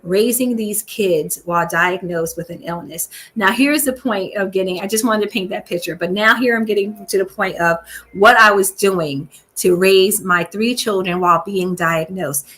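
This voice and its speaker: A woman's voice: medium pitch, moderate pace, a bit bright. A woman, hosting her own show and candidly telling a personal story at home, speaking straight to her listeners. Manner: chatty and candid, addresses listeners directly. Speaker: show host. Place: home room with balcony door open.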